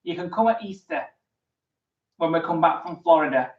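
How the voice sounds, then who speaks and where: A man's voice: on the high side, animated, normal speed. A man vlogger in casual livestream chat, reading out viewer comments with frequent ums. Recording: roomy, distant, dull sound.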